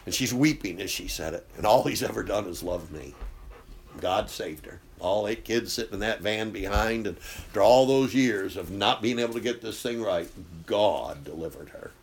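Impassioned low-voiced male preacher. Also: moderate pace, a little hiss or hum. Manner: impassioned, swinging from loud bursts to hushed intensity. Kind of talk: sermon.

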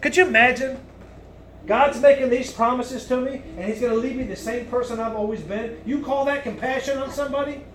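Male preacher, high voice, loud and emphatic, faint noise in the room. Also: brisk. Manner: loud, emphatic, swings between booming and hushed. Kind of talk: sermon.

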